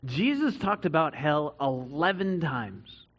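Man preaching, kinda high voice, earnest, goes loud then quiet, muffled lo-fi sound. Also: very animated, slow pace. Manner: earnest, dramatic swings between loud emphasis and quiet reflection. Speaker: pastor. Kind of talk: sermon.

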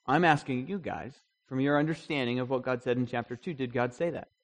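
A man's voice: medium pitch, brisk. A man leading an interactive Bible study, talking conversationally, putting questions to the group and restarting his sentences often.

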